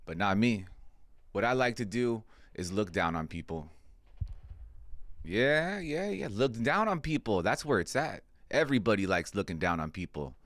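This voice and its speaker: Low-voiced man in a profane comedy rant. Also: sing-song, moderate pace, a bit bright, no echo. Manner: heavy swearing, laid-back slang.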